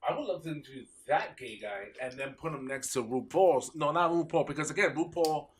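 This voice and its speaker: A man hosting a casual podcast, teasing his co-host with quick jokes. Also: a little high, expressive, a little hiss or hum. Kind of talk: casual chat. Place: home basement studio.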